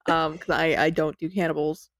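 A woman's voice: low-pitched, little pitch movement, a little fast, dry recording. A woman hosting a podcast, telling a story in a chatty, giggly, self-deprecating way into a close mic. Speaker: podcast host.

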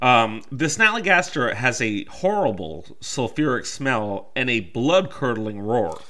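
A man's voice: mid-range voice, big pitch swings, unhurried, pushed and bright. A man co-hosting a podcast, reading folklore facts in casual chat and following them with wry jokes. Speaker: podcast co-host.

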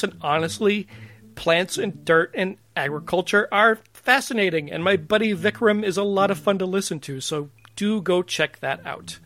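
A man's voice: sits high, fairly bright tone. A man hosting a podcast in a chatty, playful way, often laughing. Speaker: podcast host. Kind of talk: casual podcast chat.

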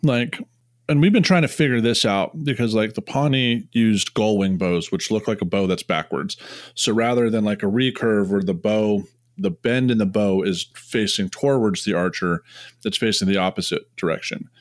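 A man's voice: lowish voice, normal speed, no room sound, clean studio sound. A young man co-hosting a podcast, talking in a rambling, joking way full of fillers. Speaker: podcast co-host. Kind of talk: casual chat.

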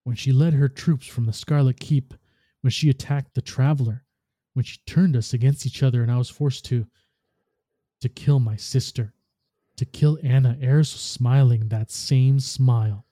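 A man's voice: medium pitch, steady tone, moderate pace, dark tone, dry recording, lightly acted. A man reading the lines of a frightened, furious female robot who speaks in a tense, accusing way.

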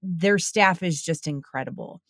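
Low-voiced woman podcast host. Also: unhurried, no echo, clean studio sound. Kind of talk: casual interview with ad read.

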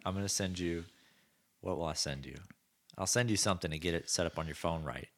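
A man's voice: low voice, fairly quick, fairly bright tone. A man co-hosting a podcast, chatting casually and enthusiastically about gadgets. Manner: enthusiastic, acts out quoted voices. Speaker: podcast co-host. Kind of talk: casual chat.

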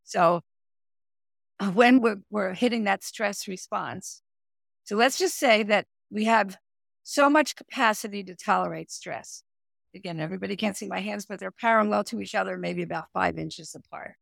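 A middle-aged woman, a performance coach and therapist, explaining her method in a podcast interview, with lively, hands-on explanations. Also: medium pitch, normal speed, creaky, no room sound, clean studio sound. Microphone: remote audio, no camera.

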